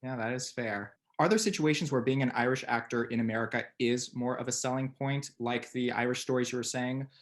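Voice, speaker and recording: A man's voice: medium pitch, fairly even intonation, fairly quick, few pauses. A man hosting an interview, curious and playful, asking long, winding questions. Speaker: interviewer, host. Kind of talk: casual interview talk.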